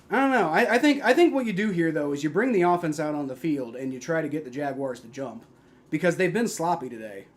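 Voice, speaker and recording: A young man hosting a live football stream, mixing play-by-play calls with casual, profane replies to his chat, loud on big plays and mumbling in between. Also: a little high, big pitch swings, fast talker. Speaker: livestream host doing play-by-play.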